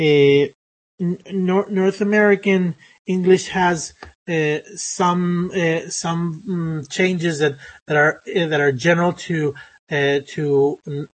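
Guy lecturing on pronunciation, voice a bit on the high side, lots of uh and um, restarts his sentences. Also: low-quality recording. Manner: halting, many fillers and restarts. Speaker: university phonetics lecturer. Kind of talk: recorded online lecture.

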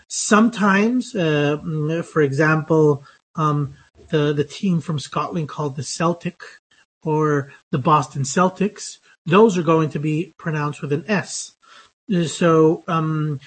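A man lecturing students on a recorded class, speaking slowly in a slightly raised voice. He stops and restarts often, filling gaps with hesitant sounds as he searches for words. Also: a little high, breathy edge, rough recording. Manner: halting, many fillers and restarts. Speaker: university lecturer.

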